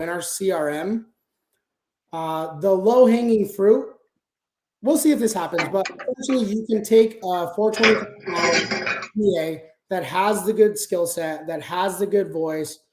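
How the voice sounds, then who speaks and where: Speaking as an interview guest, this man talks casually about managing a sales team, walking through it step by step and using lots of fillers. His voice is high-pitched and the recording is reverberant.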